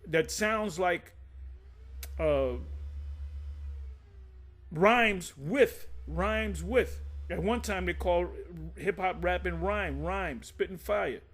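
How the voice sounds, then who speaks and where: A man with a fairly high voice teaches scripture in a loose, off-the-cuff way, stopping to read dictionary definitions aloud. He trips over his words and restarts often, then presses harder and louder to drive a point home. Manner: frequent restarts, addresses listeners directly. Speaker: religious teacher.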